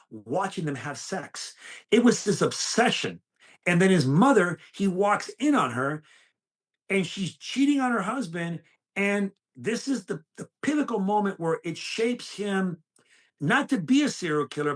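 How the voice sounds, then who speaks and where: Older man, husky voice, slightly high pitch, intense dramatic storytelling, interview guest.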